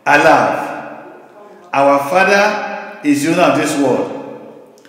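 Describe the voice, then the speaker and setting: An older man preaching a sermon as pastor, in an emphatic, repetitive cadence with slow, stressed phrases. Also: on the high side, lively intonation, a bit bright. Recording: very echoey hall with long reverb.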